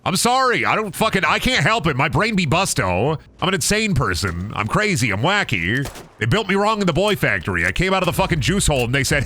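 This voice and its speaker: Young male game streamer, lively pitch, bright tone, playful and crude. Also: brisk, a little hiss or hum. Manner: goofy, profane, playful voice swings. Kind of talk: casual gameplay commentary.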